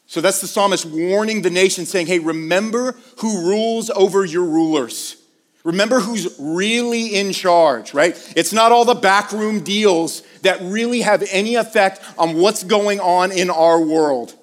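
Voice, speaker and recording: A man's voice: high-pitched, normal speed, long reverb tail. A man preaching a conversational sermon, moving from casual asides to emphatic questions. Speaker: pastor.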